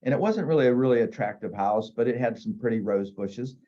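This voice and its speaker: A man's voice: mid-range voice, a little fast, mellow, dull audio. A man in his fifties from northeast Ohio, a real estate agent telling candid, self-deprecating stories in a casual interview.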